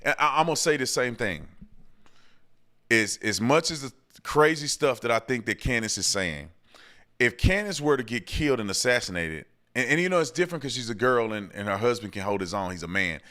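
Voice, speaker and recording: A man's voice: medium pitch, expressive, a little fast, bright, forceful tone. A man hosting his own show, answering viewer questions and ranting heatedly, often restarting his sentences. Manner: heated, ranting, repeats himself. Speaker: show host. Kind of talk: commentary and viewer Q&A.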